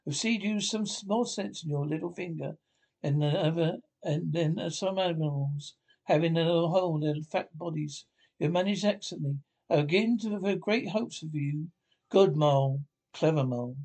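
A man voicing a wise older male badger who speaks in a quiet, dry way. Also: fairly high pitch, normal speed, slightly rough. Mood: dry approval.

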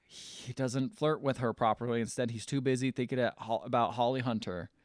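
A man's voice: medium pitch, brisk, dry recording, studio quality. A man on a podcast casually recapping a movie plot, rambling, joking and correcting himself as he goes. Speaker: podcast co-host.

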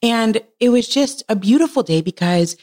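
She's an animated podcast guest in her thirties, talking at a moderate pace with a darkish tone. Earnest and heartfelt, she tells a personal story casually, laughing often and leaping higher in pitch as she quotes herself.

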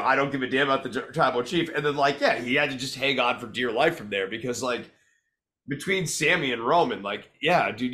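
A man's voice: mid-range voice, bright, forceful tone. A man co-hosting a podcast, chatting loosely about wrestling with many fillers. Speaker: podcast co-host. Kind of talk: casual wrestling commentary chat.

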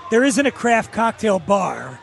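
A man hosting a podcast interview outdoors, joking and chiming in with quick remarks. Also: high voice, big pitch swings, creaky, faint music behind, some chatter behind. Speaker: podcast host. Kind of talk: casual interview chat. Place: outdoors at a festival.

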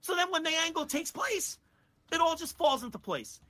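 A man co-hosting a podcast, ranting with heated, profane excitement in casual chat. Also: very high voice, moderate pace. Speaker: podcast co-host.

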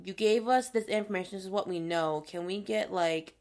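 A young woman with a Minnesotan accent chatting casually as a podcast co-host, animated and swearing freely. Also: mid-range voice, a little fast. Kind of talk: casual chat.

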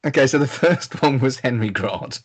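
A man's voice: medium pitch, expressive, normal speed, breathy edge. Man, podcast guest, casual chat, sweary, flustered, laughs at himself. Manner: sweary, self-mocking, flustered.

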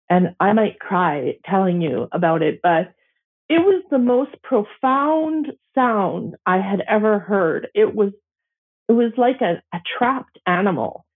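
Middle-aged woman elder, slow heartfelt storytelling with pauses, thin phone-like sound. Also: mid-range voice, lively intonation, breathy edge. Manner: slow, gentle, emotional telling with pauses. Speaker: Métis elder sharing a personal story. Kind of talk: reflective personal storytelling. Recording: tinny phone-like audio.

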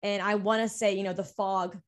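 A woman's voice: medium pitch, flat delivery, brisk. A woman hosting a podcast interview, asking curious, supportive questions. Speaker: podcast host.

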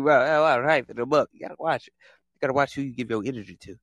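A man hosting a casual monologue, talking in an animated, repetitive way and acting out other people in quick put-on voices. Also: medium pitch, dry recording. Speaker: podcast host.

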